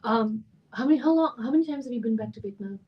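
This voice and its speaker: A woman's voice: fairly high pitch, animated, fast talker, slightly rough, highs cut off. Curious woman host asking questions. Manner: curious, asks follow-up questions, frequent backchannel. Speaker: interviewer, host. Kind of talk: casual interview conversation.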